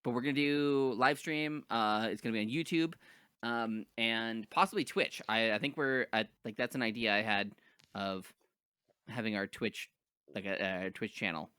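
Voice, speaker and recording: Bright, dry-miked male podcast co-host; loose, jokey, rambly. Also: fairly low pitch, normal speed, clean tone, no room sound. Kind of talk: casual chat.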